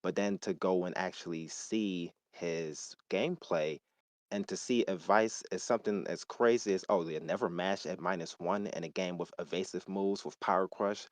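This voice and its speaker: A man's voice: deep voice, no echo. A man ranting heatedly and emphatically in a casual gaming discussion.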